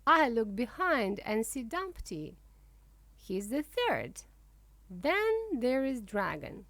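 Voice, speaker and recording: A woman narrating a children's book for English learners, reading slowly, clearly and expressively. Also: on the high side, big pitch swings, fairly bright tone, no room sound. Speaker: audiobook narrator.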